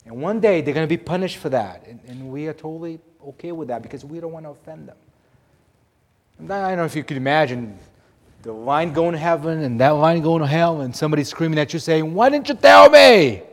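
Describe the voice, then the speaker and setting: A man preaching a sermon, emphatic, swinging between loud declarations and hushed asides. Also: on the high side, brisk. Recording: long hall reverb.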